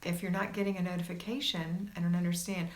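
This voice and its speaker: A woman's voice: on the low side, level tone, fast talker, slight background noise. A woman hosting a casual livestream, reading viewer comments aloud and reassuring her viewers in a chatty way. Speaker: homemaking livestream host.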